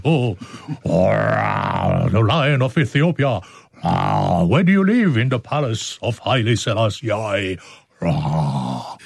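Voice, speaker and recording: A man's voice: on the low side, very animated, slow, vocal fry, breathy edge, dry recording. A male radio host reading his script in the studio, joking and laughing at his own slips.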